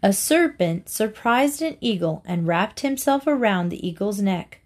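Woman slowly reading fables aloud. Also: medium pitch, expressive. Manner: slow, deliberate reading aloud. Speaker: reader. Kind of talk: storybook narration.

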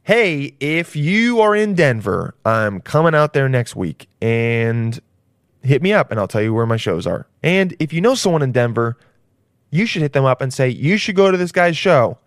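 In this dry, studio-quality recording, a comedy podcast host delivers a casual monologue at normal speed, his medium-pitched voice moving in a sing-song way. He rambles crudely and keeps laughing at his own jokes.

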